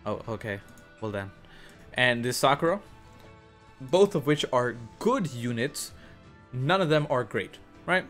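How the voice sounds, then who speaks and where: A young man casually telling a work story for his gaming channel, animated and cursing, acting out the other people in shifting voices. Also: mid-range voice, unhurried, pauses often. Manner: animated, swears, acts out quotes in shifting voices. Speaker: gaming youtuber. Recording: faint music underneath.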